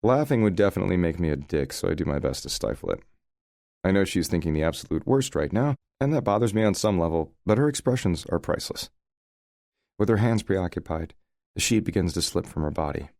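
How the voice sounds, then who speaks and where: A man's voice: sits low, animated, fairly quick, creaky, a little mellow, dry recording. A man narrating a first-person romance audiobook in a wry, conversational way, recorded close to the mic.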